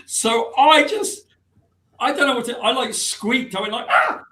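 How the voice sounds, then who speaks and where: A man's voice: very high-pitched, unhurried, pushed and bright. Man telling a story in an echoey room. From Britain. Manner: laughing, self-deprecating storyteller. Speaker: guest comic book writer. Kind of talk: animated anecdote telling.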